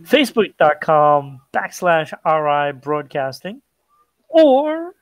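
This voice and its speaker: A man co-hosting a pop culture podcast, chatting casually with relaxed restarts and plugging the show's channels. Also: on the high side, a little slow, dry recording. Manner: laid-back, chatty, with frequent restarts and plugs. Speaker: podcast co-host. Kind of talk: casual chat.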